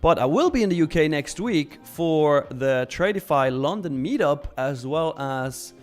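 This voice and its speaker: A man's voice: fairly high pitch, expressive, a little slow, soft background music. A young man hosting a live stream, casually reading viewer messages aloud and answering them. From Switzerland. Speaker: live-stream trading host.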